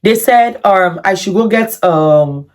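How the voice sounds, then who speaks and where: A woman's voice: mid-range voice, slow, close to an everyday voice. A woman quoting her evasive, lying ex-partner in a lighter voice as she tells a story. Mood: offhand.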